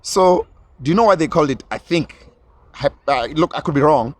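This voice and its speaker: A man's voice: on the high side, expressive, brisk, no room sound. A man hosting a podcast in casual chat, joking and often repeating words as he gets going. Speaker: podcast host.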